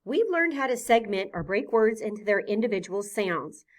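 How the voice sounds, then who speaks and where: A woman teaching a phonics lesson to young children, patient and clear, sounding out each letter sound deliberately. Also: medium pitch, very animated.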